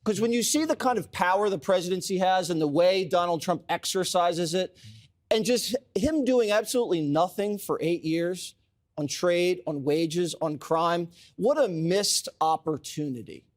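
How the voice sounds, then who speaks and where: A man's voice: sits high, normal speed. A man on a TV panel, giving opinionated commentary through pointed rhetorical questions. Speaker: panel guest.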